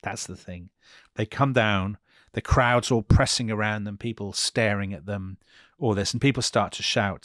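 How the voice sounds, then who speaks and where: Low-voiced man telling history vividly. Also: moderate pace, no room sound, studio quality. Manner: vivid, animated retelling with acted quotes. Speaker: podcast co-host. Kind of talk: storytelling history chat.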